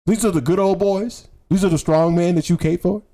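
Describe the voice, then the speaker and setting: Heated livestream commentary on clips comes from a political commentator with a medium-pitched, steady, fairly quick, mellow voice. The talk is slangy and casual, full of repeated rhetorical questions and swearing.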